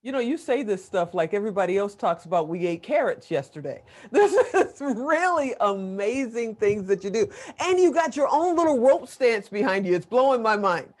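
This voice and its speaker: A woman's voice: fairly high pitch, very animated, moderate pace, hardly any pauses, a little mellow. A woman hosting an interview, reacting with eager amazement and asking questions. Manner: enthusiastic, exclaims amazement. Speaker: interview host. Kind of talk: casual interview chat.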